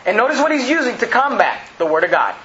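A male pastor preaching an emphatic sermon to a congregation, repeating his points and rising to shouts. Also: extremely high pitch, very animated, fast, noisy background. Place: church hall. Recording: roomy, slightly dull, congregation audible. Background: congregation responding.

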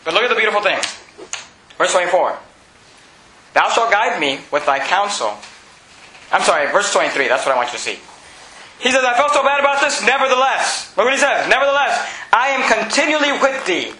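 High, bright-voiced preaching man. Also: fairly quick, pauses often, roomy sound, a little hiss or hum, rough recording. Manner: animated preaching, building to shouts. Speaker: pastor. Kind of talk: sermon. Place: church.

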